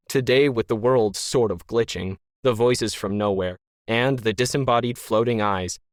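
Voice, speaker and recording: Male narrator, wry deadpan storytelling, mid pitch, dry close recording. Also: no room sound. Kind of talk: scripted narration.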